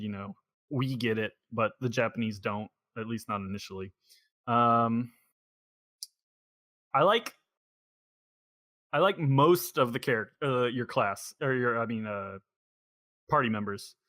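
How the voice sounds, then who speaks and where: A man's voice: mid-range voice, fairly bright tone, no echo. Podcast host, male, mid-range voice, loose rambling delivery, dead-dry room. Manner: rambling, thinking aloud. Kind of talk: casual podcast chat.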